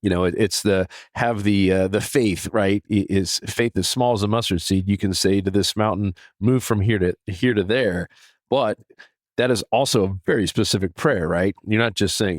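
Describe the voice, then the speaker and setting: Earnest low-voiced man talking faith. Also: normal speed, no echo, studio quality. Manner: earnest, animated, many restarts and fillers. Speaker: podcast host. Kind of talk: casual devotional talk.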